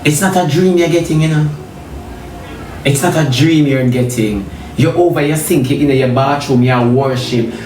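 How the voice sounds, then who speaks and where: A man with a Jamaican accent preaching a lively comic sermon, swinging between loud exhortation and low murmured prayer. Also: normal speed. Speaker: comedic preacher. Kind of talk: animated street sermon with prayer. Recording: echoey room from a distance with faint hum.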